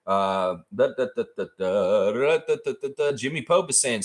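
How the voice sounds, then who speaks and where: A man hosting a casual livestream, rambling and animated as he tells a silly story. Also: fairly high pitch, moderate pace, few pauses. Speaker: livestream host.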